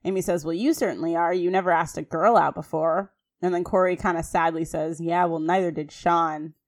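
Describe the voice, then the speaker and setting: A woman co-hosting a podcast, chatting casually and reading scene quotes aloud quickly in an animated way. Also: fairly low pitch. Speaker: podcast co-host. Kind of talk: casual recap chat.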